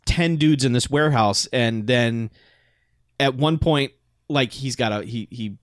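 Animated man retelling movie scenes. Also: medium pitch, measured pace, no echo, clean studio sound. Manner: animated retelling, lots of "like", laughs often. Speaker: podcast co-host. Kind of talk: casual movie-review chat.

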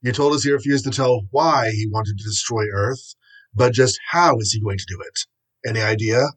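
A man's voice: medium pitch, normal speed, breathy edge, lightly acted. A man voicing a stern superhero team leader. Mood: serious. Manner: firm, rallying.

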